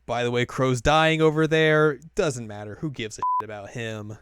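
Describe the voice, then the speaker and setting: A man's voice: medium pitch, moderate pace, a bit bright, smooth, dry recording, clean studio sound, natural voice. A man doing an offhand, smug old chancellor.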